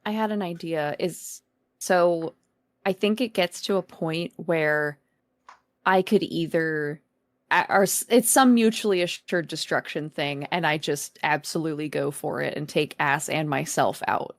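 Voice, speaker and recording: A woman's voice: sits low, measured pace, dry recording. A woman playing a tabletop game, easygoing and giggly. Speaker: player. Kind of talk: tabletop role-play banter.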